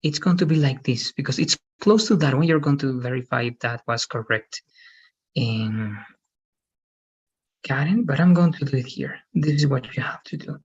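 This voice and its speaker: A man's voice: mid-range voice, normal speed, breathy edge, highs cut off. A male English teacher explaining grammar step by step in an online class.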